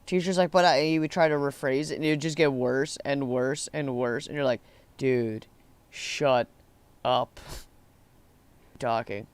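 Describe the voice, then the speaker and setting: A young man chats loosely about his school days, restarting sentences and laughing along the way. His voice sits a little high and sounds smooth and clear. He swears offhandedly and keeps the story loose. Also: steady tone, a little fast, few pauses, dry recording. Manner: rambling, laughing, swears casually, many restarts. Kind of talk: casual storytelling chat.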